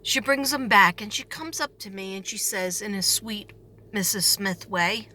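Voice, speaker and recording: A woman's voice: medium pitch, a little slow, slight background noise. Sarcastic New York woman telling a story. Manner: animated, sarcastic, acts out quoted voices. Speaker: substitute teacher. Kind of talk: storytelling vlog.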